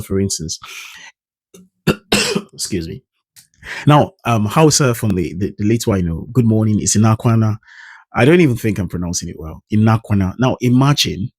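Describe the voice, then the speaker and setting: A man's voice: deep voice, breathy edge, dry recording. A man with a Nigerian accent, a native Idoma speaker, talking casually to camera as a pronunciation coach and trying out sample words as he explains. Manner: thoughtful, explains with spoken pronunciation examples.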